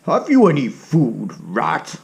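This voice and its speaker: A man voicing a greedy, hungry fat cat in a picture-book reading, with slow, flat, matter-of-fact threats. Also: on the high side, gravelly, husky, heavily acted.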